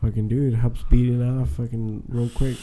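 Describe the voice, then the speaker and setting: Man, mellow warm voice, slangy, profane, rambling, casual chat among friends. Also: medium pitch, level tone, normal speed.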